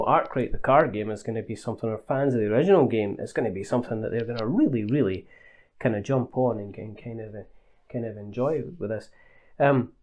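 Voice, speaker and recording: Male board game reviewer, laid-back and rambling, mellow and warm tone. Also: mid-range voice. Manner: relaxed and rambling, with fillers and restarts. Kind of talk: casual review talk.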